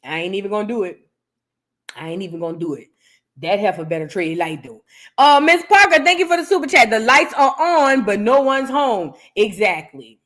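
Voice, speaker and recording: A woman's voice: medium pitch, moderate pace. A woman hosting a live reaction stream, chatting casually with viewers, telling stories with lots of acted-out quotes and calling everyone "girl.". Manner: animated storytelling, calls viewers "girl", acts out quotes. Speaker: host of a live reaction channel. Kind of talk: casual livestream chat.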